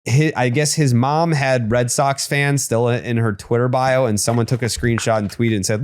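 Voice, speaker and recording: A man's voice: mid-range voice, fairly even intonation, normal speed, hardly any pauses, a little hiss or hum. A man co-hosting a sports podcast, talking casually and swearing freely. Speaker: podcast co-host.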